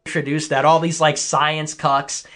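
A man with a high voice talks on a casual podcast panel. He is sarcastic and slips into mocking put-on voices. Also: little pitch movement, a little slow, fairly bright tone. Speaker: podcast guest.

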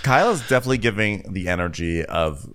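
Wry podcast co-host with animated delivery. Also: low voice, quick pace. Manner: wry, sarcastic storytelling. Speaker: podcast co-host recapping a TV show. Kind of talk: comedic recap chat with impressions.

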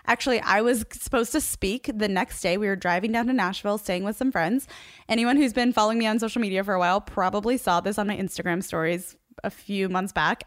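A woman's voice: mid-range voice, no echo. Chatty young woman, dry close sound. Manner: chatty, animated, laughs often while telling. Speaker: social media creator. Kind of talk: casual storytelling to camera.

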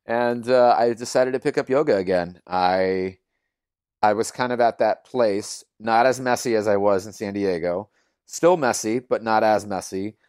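A man, a yoga teacher, telling his own story in conversation, earnest and animated, acting out the voices he quotes and leaning on lots of fillers. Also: fairly low pitch, moderate pace, clean tone, no room sound, studio quality.

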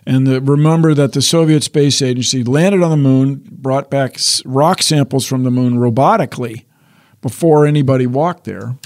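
A man's voice: mid-range voice, moderate pace, a little mellow. An older man explaining science in a casual chat, wry and explanatory, often restarting sentences. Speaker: science guest.

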